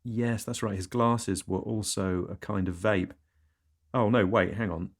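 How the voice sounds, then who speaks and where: Deadpan man telling surreal jokes. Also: lowish voice, a little slow. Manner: deadpan with sudden squeals. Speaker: comedy podcast host.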